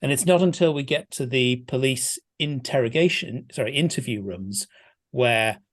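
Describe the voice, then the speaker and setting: A man's voice: medium pitch, normal speed. A man guest discussing a film in a casual podcast chat, thoughtful and hesitant with frequent restarts.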